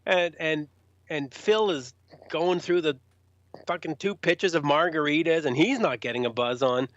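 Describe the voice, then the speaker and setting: A man telling rock stories in an interview, animated, raising his voice to act out quotes. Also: fairly high pitch, normal speed, dry recording. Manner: animated, acts out quotes in a raised voice. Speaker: rock journalist guest. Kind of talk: storytelling interview. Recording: dull, lo-fi sound.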